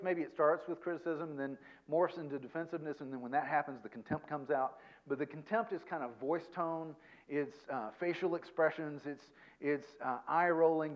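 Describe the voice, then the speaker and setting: Male guest speaker, slightly high voice, chatty and self-deprecating, dull lo-fi recording. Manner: chatty, self-deprecating, peppers points with "okay?" and "right?". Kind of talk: conversational seminar talk to a church audience.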